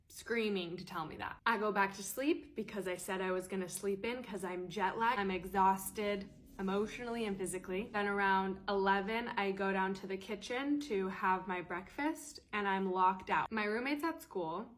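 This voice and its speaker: Exasperated woman telling a story. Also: medium pitch. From United States. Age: late 20s. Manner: animated, exasperated, quick retelling. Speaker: storyteller vlogger. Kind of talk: casual storytime.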